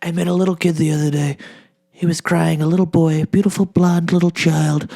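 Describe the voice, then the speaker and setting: Guy doing a bragging older politician, rambles and repeats himself, kinda high voice. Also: little pitch movement, fairly quick, gravelly, dark tone. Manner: rambling, boastful, repetitive. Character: brash boastful older male politician impression. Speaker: comedian. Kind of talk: comedic monologue.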